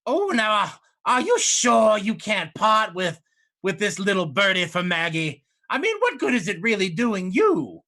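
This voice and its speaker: A man's voice: very animated, a little slow, sharp tone, exaggerated voice. A man playing a wheedling old hag. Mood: coaxing. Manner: wheedling, drawling, high put-on voice. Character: greedy old hag, Mad Maggie, with pincher claws.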